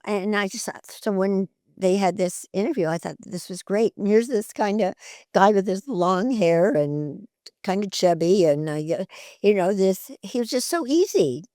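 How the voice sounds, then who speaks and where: An older actress, a guest in an interview, tells lively anecdotes, laughs often and acts out the voices of people in her stories. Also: medium pitch, dry recording, clean studio sound.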